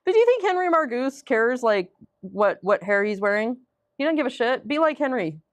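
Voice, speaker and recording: A woman, co-hosting a podcast in casual chat, telling stories with lively quoted voices. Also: on the high side, moderate pace, a little hiss or hum. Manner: chatty storyteller, animated quoted voices, frequent laughs. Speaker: podcast co-host.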